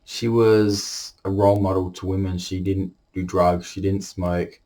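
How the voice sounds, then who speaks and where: A man's voice: low-pitched, little pitch movement, dark tone. Tearful man confessing. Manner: halting, emotional, many restarts. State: holding back tears. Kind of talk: emotional personal confession to camera.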